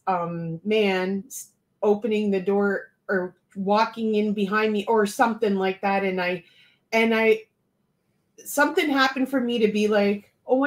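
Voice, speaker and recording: A woman's voice: medium pitch, rough recording. Chatty Canadian woman co-host. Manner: chatty, giggly, halting with restarts. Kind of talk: casual chat.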